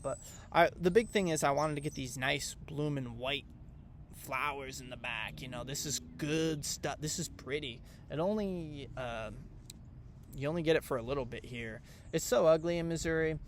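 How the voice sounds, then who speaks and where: A man's voice: mid-range voice, slight background noise. A young man rambling casually and irreverently to camera in a vlog, with many fillers. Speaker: vlogger reviewing piano books. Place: outdoors.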